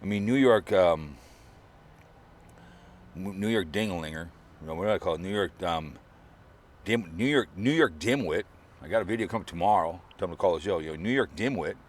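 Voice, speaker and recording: A middle-aged man vlogging in a rambling, mocking way, his voice sitting fairly low. He drifts between offhand grudges and put-on grief, sometimes pushing up into a strained, high, fake-sobbing tone. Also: a little fast, pauses often. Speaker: online video creator. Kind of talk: rambling mock eulogy vlog. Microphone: camera or phone mic, mic falls over.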